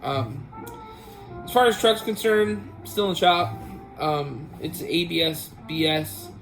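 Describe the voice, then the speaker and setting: A man's voice: fairly high pitch, slow pace, fairly bright tone, poor audio. A man hosting a casual vlog, telling a family story in a rambling way with many restarts. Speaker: vlog host. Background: guitar music.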